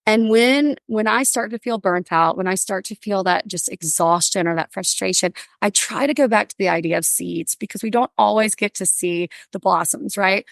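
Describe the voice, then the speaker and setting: Woman, bubbly, animated storyteller, middle pitch, dry close sound. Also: moderate pace, vocal fry, hardly any pauses, no echo. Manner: bubbly, animated, acts out voices in stories. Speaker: podcast guest, workplace wellbeing speaker. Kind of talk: storytelling interview chat.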